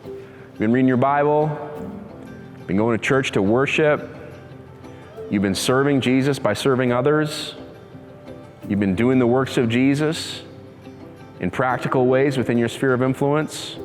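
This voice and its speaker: A man's voice: medium pitch, unhurried, pauses often, long reverb tail, soft background music. A male pastor giving a conversational sermon, laughing easily and acting out the people in his story. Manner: conversational preacher, acts out voices, laughs easily.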